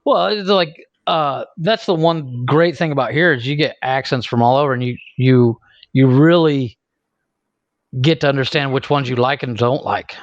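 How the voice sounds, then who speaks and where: A man's voice: mid-range voice, moderate pace, no echo, muffled recording. A laid-back man from Ohio with an Ohio accent, co-hosting a podcast, chuckling and acting out quotes. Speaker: podcast co-host. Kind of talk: casual chat.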